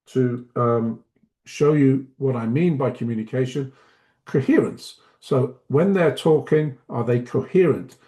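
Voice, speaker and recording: A middle-aged man giving a teaching webinar, speaking deliberately and demonstrating pace and emphasis as he explains. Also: medium pitch, mellow. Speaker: webinar presenter, language teacher trainer.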